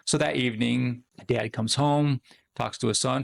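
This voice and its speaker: Male podcast host, earnest motivational storyteller, very gravelly, mid pitch. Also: fairly even intonation, a little fast. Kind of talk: motivational monologue.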